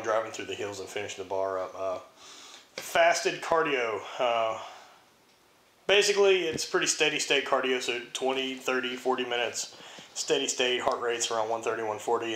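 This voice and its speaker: A young man answering viewer questions about Highland Games throwing and training in a blunt, offhand way with casual swearing. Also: fairly bright tone, roomy sound. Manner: blunt, profane, offhand, reads questions aloud then answers. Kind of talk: casual Q&A vlog.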